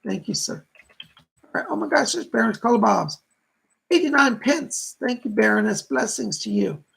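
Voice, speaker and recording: A man's voice: extremely high pitch, very animated, moderate pace, gravelly, fairly bright tone, slightly rough. A middle-aged man hosting a live stream of psychic readings, gushing as he thanks viewers by name. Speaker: psychic medium host.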